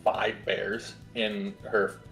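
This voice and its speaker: Low-voiced easygoing man. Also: little pitch movement, extremely slow, gravelly, fairly bright tone, faint music behind. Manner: explaining patiently, hesitant fillers. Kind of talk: casual chat.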